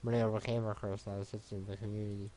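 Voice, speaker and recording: A man reading a visual novel aloud for a let's play, in an even, unhurried way with small stumbles. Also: lowish voice, slight background noise.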